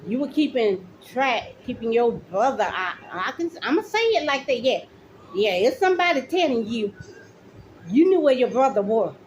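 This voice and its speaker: A woman's voice: a little high, very animated, moderate pace, slight background noise, poor audio. A middle-aged woman, a mother, ranting straight to the camera, accusing officials directly and repeating her points. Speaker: mother speaking out. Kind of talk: angry direct-to-camera rant.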